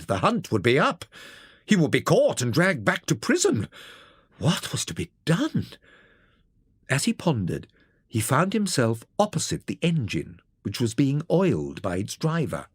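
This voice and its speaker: An audiobook narrator reading a classic children's story in an expressive, theatrical way. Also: medium pitch, moderate pace, breathy edge, no echo, studio quality.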